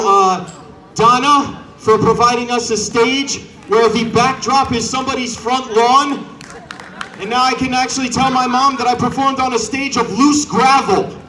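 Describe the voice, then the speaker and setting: A man's voice: very high voice, bright, forceful tone, echoey room, recorded from a distance. A man doing a stand-up set outdoors, teasing the crowd and acting out characters. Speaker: stand-up comedian. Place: outdoor show on a front lawn. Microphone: corded handheld mic.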